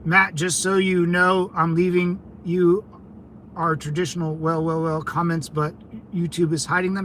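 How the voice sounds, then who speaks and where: A man hosting a casual livestream, answering chat in a brash, combative and mocking way, with loud outbursts. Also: sits high, moderate pace, slight background noise, poor audio. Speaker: channel host reading live chat.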